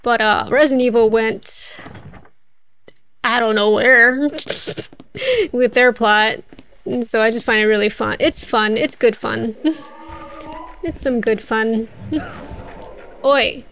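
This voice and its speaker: High-voiced chatty woman streamer. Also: steady tone, measured pace, long pauses, a bit bright, slight background noise. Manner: chatty, thinks aloud, laughs often. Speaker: game streamer. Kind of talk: casual gameplay commentary.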